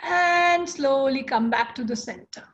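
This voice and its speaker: A young woman with an Indian English accent leading a chair yoga class, encouraging students by name with slow, steady cues. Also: sits high, reverberant, muffled recording. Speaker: yoga instructor.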